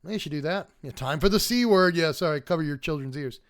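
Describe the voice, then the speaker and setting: A man's voice: fairly high pitch, lively intonation, brisk. A man hosting a casual livestream card review, talking animatedly, chuckling often and chatting with his viewers. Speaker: host.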